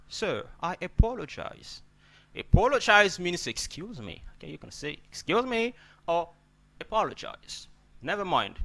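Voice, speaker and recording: With a fairly high, pushed, bright voice and some vocal fry, a non-native English speaker teaches pronunciation and word stress in a spoken lesson. He repeats words again and again, keeps asking "okay?", and addresses listeners as brother.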